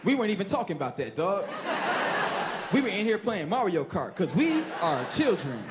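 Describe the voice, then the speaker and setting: A man performing a stand-up comedy set on stage, loud and animated, jumping into high yelling voices. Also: moderate pace. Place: stage in front of a live audience. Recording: loud crowd laughter and room noise.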